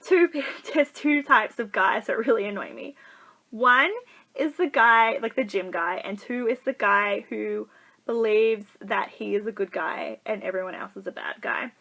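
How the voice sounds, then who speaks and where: A woman's voice: medium pitch, measured pace, gravelly, sharp tone, rough recording. A young woman giving casual dating advice in a chatty vlog, full of fillers and acted-out quotes. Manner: chatty, full of likes, acts out quoted people. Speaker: vlogger.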